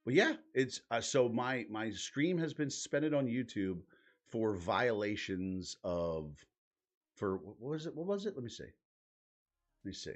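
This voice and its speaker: This man hosts a live stream, offering casual commentary while he hunts around his screen, clicking, muttering, and thinking aloud. He's exasperated and swears freely. His fairly low voice has a sing-song quality and a measured pace.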